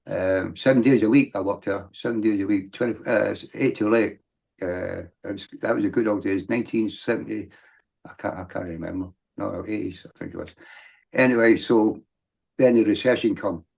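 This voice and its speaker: A middle-aged man with a gravelly, fry-heavy voice. He tells his story as a guest in loose, rambling sentences, restarting often and then rising into emphatic bursts. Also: fairly low pitch, moderate pace, a little mellow. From Britain. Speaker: podcast guest. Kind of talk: candid storytelling.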